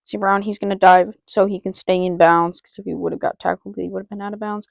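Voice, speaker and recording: An excitable woman calls her own football video game as she plays, chanting player names and muttering to herself between plays. Her voice carries a gravelly fry, and the recording is close and dry, with no room around it. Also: medium pitch, fairly quick, no room sound. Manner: excitable, repeats player names, talks to self. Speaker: gaming channel host. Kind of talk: live video game commentary.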